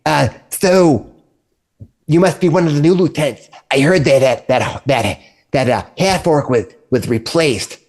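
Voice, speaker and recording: A man's voice: on the high side, measured pace, darkish tone, voice pushed up. Man doing a gossipy kobold worker, broken grammar. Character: chatty male kobold camp worker.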